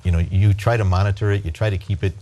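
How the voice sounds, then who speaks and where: Fast-talking male talk show host. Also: deep voice, steady tone, warm tone. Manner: rapid, friendly host patter.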